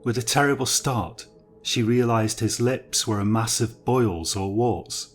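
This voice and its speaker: A man narrating a horror story in a measured, grave, scripted way. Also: mid-range voice, soft background music.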